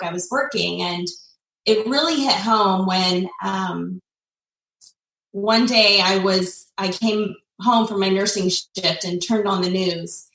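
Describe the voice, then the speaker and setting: A woman's voice: mid-range voice, a bit bright. Woman telling a heartfelt story, echoey room. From United States. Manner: heartfelt, with frequent pauses and fillers. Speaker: guest. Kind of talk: earnest personal storytelling. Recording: echoey room, distant mic.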